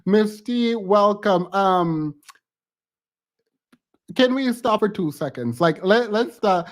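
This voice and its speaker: With a high voice and lively intonation, a live-stream host wraps up with relaxed conversation, so touched and thankful that he stumbles and nearly cries.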